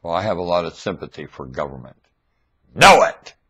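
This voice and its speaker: A man talking straight into his webcam mic in a monologue rant, swinging between loud emphatic outbursts and low muttering. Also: quick pace, husky, dull audio.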